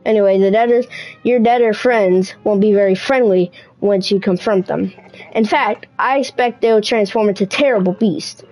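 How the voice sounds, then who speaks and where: A woman's voice: medium pitch, moderate pace, a little mellow, lightly acted, rough recording. A woman reading the lines of a worried old kettle guardian, stumbling and restarting as she goes. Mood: earnest. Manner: read aloud with slips and restarts.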